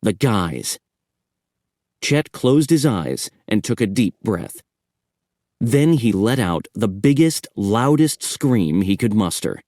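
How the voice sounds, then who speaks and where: Male narrator, low-ish voice, slow lively storytelling, dry studio. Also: no echo. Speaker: audiobook narrator. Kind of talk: scripted horror audiobook narration.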